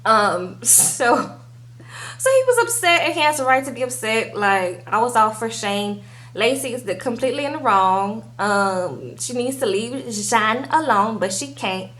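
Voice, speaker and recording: This TV recap vlogger, a young woman, has a voice on the high side, a bit bright, with lively intonation and a measured pace. Casually going over a reality TV episode, she tags her sentences with "okay?" and plays out the cast members' lines.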